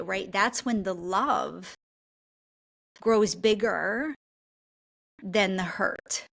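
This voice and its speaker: A woman's voice: mid-range voice, lively intonation, slow, vocal fry, long pauses, fairly bright tone. A woman guest on a podcast, speaking earnestly and reflectively as an intuitive coach, often checking in with "right?". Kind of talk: conversational podcast interview.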